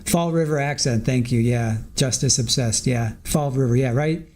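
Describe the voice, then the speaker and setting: A man's voice: mid-range voice, normal speed, a little mellow, slight background noise. A man recapping a trial in casual live commentary, laughing often as he retells what witnesses and the judge said.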